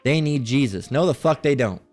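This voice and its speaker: Over soft background music, a man with an expressive, slightly mellow, medium-pitched voice reads viewers' comments on his religious channel and answers them with mocking, foul-mouthed rebukes. His delivery is preachy, stretching words out for emphasis.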